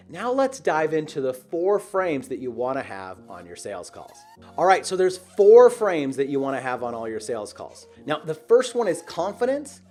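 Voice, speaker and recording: A man's voice: fairly high pitch, darkish tone. A man teaching as a sales coach, talking energetically and leaning hard on key words, often checking in with "right?". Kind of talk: instructional video talk.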